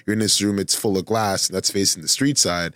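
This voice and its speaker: A man's voice: low voice, a little fast, fairly bright tone, no room sound, clean studio sound. A young man, a filmmaker guest, telling a story in a thoughtful, meandering casual chat. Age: young adult. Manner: thoughtful, many fillers and restarts.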